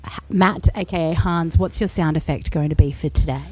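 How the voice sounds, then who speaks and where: A woman's voice: low voice, steady tone, a little fast, darkish tone, breathy edge. An Australian woman hosting a casual podcast, chatty and telling stories with the odd swear. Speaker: podcast host. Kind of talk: casual chat.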